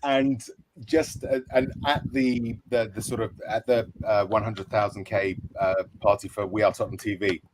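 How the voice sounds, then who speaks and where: A man's voice: lowish voice, little pitch movement, normal speed, a little hiss or hum, rough recording. A man co-hosting a casual fan chat, rambling with many fillers and restarts, laughing often. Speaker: co-host.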